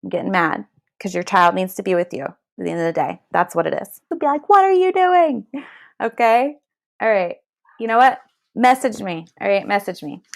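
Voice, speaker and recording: This tarot reader's voice is fairly low, brisk, and gravelly as she reads cards live and addresses viewers head-on. Her advice is blunt tough love, emphatic and sometimes profane, punctuated again and again by "okay?" and "all right?"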